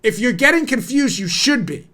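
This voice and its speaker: An American man in his forties hosting a political commentary podcast, heated and indignant, his voice climbing toward near-shouting. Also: very high voice, sing-song, moderate pace. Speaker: podcast host.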